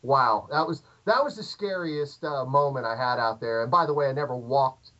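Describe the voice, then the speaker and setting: A middle-aged American man telling a long, animated anecdote in casual chat, with lots of fillers and restarts. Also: medium pitch, normal speed. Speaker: podcast guest. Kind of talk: casual storytelling. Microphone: remote call audio. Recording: dull lo-fi call audio.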